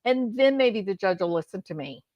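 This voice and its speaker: A woman's voice: mid-range voice, expressive, moderate pace, a little mellow, dry recording, highs cut off, pitched below the performer's own voice, natural voice. A woman putting on a whiny, self-pitying female defendant who breaks into mock crying. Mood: whining. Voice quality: whining, tearful, mocking.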